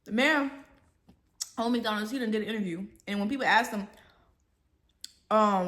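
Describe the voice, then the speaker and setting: A woman's voice: a little high, moderate pace, long pauses, fairly bright tone. A young woman, vlogging in a casual, chatty rant, talking through bites of food. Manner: casual, chatty, talks while eating.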